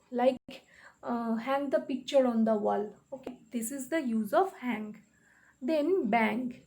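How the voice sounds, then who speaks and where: A woman teacher, slowly spelling out words letter by letter and explaining what they mean in a classroom lesson. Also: high-pitched, dark tone.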